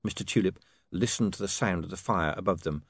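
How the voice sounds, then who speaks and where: A man giving an expressive, measured audiobook narration. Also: low-pitched, breathy edge, dry recording, clean studio sound.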